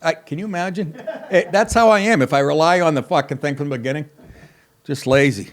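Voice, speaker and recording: A man's voice: on the high side, fairly quick. A man in his sixties hosting a comedy talk show, crude and sarcastic, often laughing at his own jokes. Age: 60s. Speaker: comedian podcast host.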